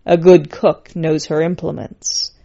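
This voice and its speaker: A knowing, grinning talking skull from a spoken storybook, teasing and a little louder than the telling around it, as a woman narrator puts it on. The recording is slightly muffled. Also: low-pitched, little pitch movement, unhurried, gravelly, heavily acted. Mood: sly. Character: talking skull, knowing and sly, genderless thing.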